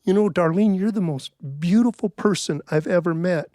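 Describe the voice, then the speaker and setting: A storyteller voicing an earnest, lovestruck young cowboy who talks plain and stubborn. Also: male voice, high-pitched, moderate pace, dark tone, no echo, studio quality, close to an everyday voice.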